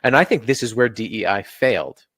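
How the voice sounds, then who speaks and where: A man's voice: on the low side, animated, a little fast, fairly bright tone, dry recording. A man being interviewed on a podcast, explaining his points earnestly and laying them out in order. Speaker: guest.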